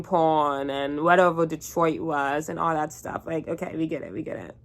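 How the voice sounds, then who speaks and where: Young woman vlogger, low-ish voice, sleepy and rambling, swears casually. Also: moderate pace, few pauses. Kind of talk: casual rant to camera.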